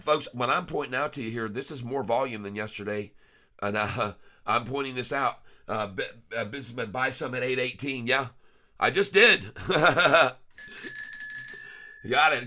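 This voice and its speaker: Bright, excitable man hyping stocks. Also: medium pitch. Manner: excitable, laughs often, rhyming hype riffs. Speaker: stock trading vlogger. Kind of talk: live market commentary.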